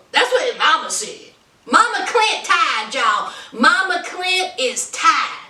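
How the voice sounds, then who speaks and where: A woman's voice: high voice, sing-song, slow pace, pushed and bright. A woman reviewing a reality show in a sassy, teasing way, full of playful slang. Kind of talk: casual commentary vlog. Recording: roomy, from a distance.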